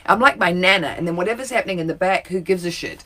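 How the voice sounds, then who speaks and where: A woman's voice: lowish voice, quick pace, fairly bright tone. Chatty giggly New woman. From New Zealand. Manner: chatty, giggly, self-mocking. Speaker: co-host. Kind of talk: casual chat. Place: home.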